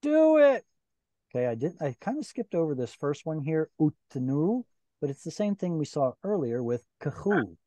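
A man's voice: on the high side, normal speed, mellow, no echo. A man teaching a Bible Hebrew class online, explaining grammar patiently and step by step with questions to his students. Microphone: video call.

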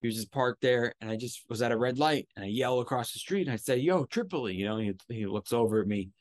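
A mid-pitched man speaks straight into a close mic in a dry, dead room. He tells a story from his own week in a loose, profane way. He jumps into voices when he quotes people. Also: fairly even intonation, fast talker, no echo. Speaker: podcast host. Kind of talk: casual solo storytelling.

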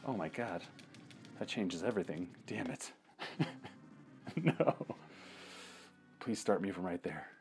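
A man's voice: low-pitched, moderate pace, soft background music. A man playing a retro video game and commenting casually, trash-talking the enemies, cursing and joking to himself. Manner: trash-talking, swearing, jokey outbursts at the game. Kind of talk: casual let's-play commentary.

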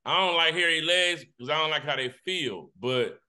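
A man's voice: on the high side, lively intonation, moderate pace, bright, forceful tone. A man co-hosting a podcast, joking crudely and animatedly in casual group banter. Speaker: podcast co-host.

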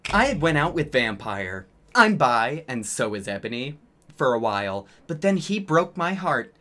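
A man's voice: mid-range voice, big pitch swings, moderate pace, pushed and bright, a little hiss or hum, pitched above the performer's own voice. A man doing a sulky gothic teen wizard. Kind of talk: comedic dramatic reading.

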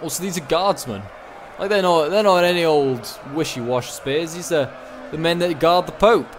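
Guy rambling thru a strategy game battle, excitable, lots of "like", noisy background. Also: a little high, normal speed. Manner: rambling, excitable play-by-play, many "like" fillers. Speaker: gaming channel host. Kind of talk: casual strategy game commentary.

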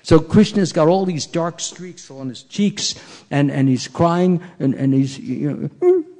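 A man giving a sermon, telling a story in an animated way and acting out its scenes, recorded in a temple hall. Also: a little high, a little slow. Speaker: preacher. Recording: reverberant hall.

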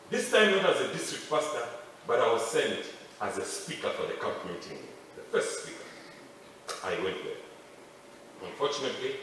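Man preaching, lively storyteller, bright high voice, long echoing reverb, distant mic, faint ambience. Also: a little hiss or hum. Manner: storytelling preacher, swings from loud excited cries to hushed pleading. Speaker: pastor. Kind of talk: sermon. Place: large outdoor camp meeting.

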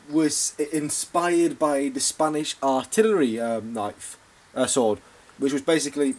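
A man's voice: medium pitch, darkish tone. A man with a Yorkshire accent hosting an informal hobby review video, talking hesitantly with frequent ums and self-corrections. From Yorkshire, England. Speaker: bayonet collector and reviewer.

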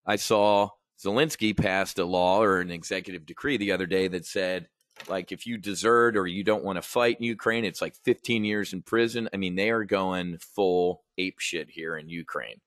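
Recorded at studio quality with no room sound, a man with a low-pitched, slightly bright voice speaks at a moderate pace. He hosts an options trading show, offering casual market and news commentary that's blunt, rambling, and profane.

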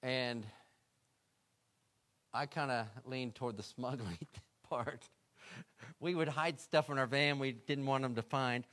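A man's voice: medium pitch, fairly even intonation, slow pace, long pauses, a bit bright. A middle-aged man, a guest speaker, telling a story in a sermon and acting out his own prayers.

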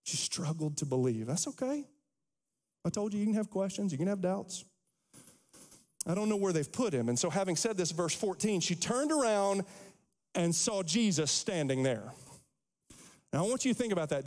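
A man pastor preaching a sermon, animated, acting out the quotes from scripture. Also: a little high. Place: church sanctuary. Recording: long hall reverb.

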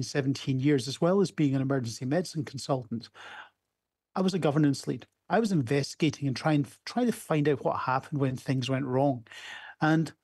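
Medium in pitch, a little mellow and slightly rough, the voice belongs to a Scottish ER doctor in his fifties. He's telling candid stories at a conference keynote over video, with small restarts along the way, recorded cleanly in a studio with no room sound.

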